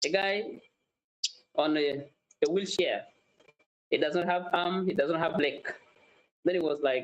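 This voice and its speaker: A man's voice: on the high side, takes it slowly, long pauses, low-quality recording. A man from South Sudan hosting a podcast, telling a moral parable and acting out the characters' lines in his own voice. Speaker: podcast host. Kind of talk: storytelling podcast talk.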